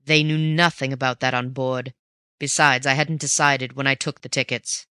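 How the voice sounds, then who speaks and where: A reader voicing a cool, mocking gentleman thief who talks low and forcefully, in an audiobook reading. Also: flat delivery, normal speed, clear, resonant tone, no echo, clean studio sound, lightly acted. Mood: snarling. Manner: snarling and teasing by turns.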